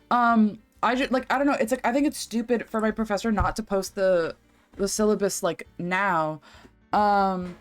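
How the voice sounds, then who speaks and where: A young adult woman with a medium-pitched voice and vocal fry streams a game and chats away casually. Her talk wanders, is packed with filler words and includes plenty of swearing, and faint game music sits underneath.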